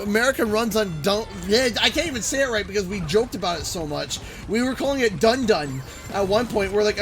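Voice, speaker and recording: A man from Canada chats casually on his game livestream, ranting with jokes. His pitch swings widely as he talks. Faint music plays behind him. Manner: animated ranting, jokey. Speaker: gaming livestream host. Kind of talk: casual chat.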